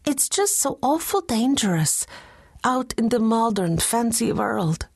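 A woman's voice: on the high side, very animated, unhurried, darkish tone, husky, dry recording, studio quality, voice pushed up, full character voice. A woman voicing a timid, anxious young Amish sister who speaks in a worried, pleading way.

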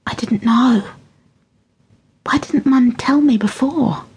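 A woman's voice: sits high, lively intonation, slow pace, slightly rough, voice pushed up, full character voice. A woman voicing a young girl in an audiobook, raised and childlike, moving from sulky to frightened. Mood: frightened whisper.

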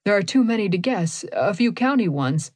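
A woman's voice: medium pitch, lively intonation, dry recording, close to an everyday voice. A furious, bloodied priest who swears and barks out urgent demands, as a woman narrator voices him. The voice sounds dry and close, with no room sound behind it. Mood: demanding. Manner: shouting, cursing, hurried.

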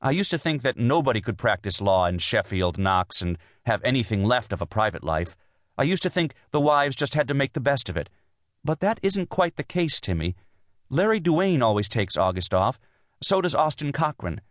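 In this audiobook dialogue, a male narrator takes on the part of a tense young wife and mother, earnest and pleading as she insists on her case. He pushes up his mid-range voice but keeps it natural, very animated at normal speed. The studio sound is clean, with no echo.

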